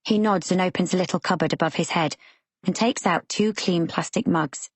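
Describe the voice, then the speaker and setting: A woman reading a romance novel aloud as a calm, measured first-person narrator. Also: fairly low pitch, husky, no room sound. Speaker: audiobook narrator.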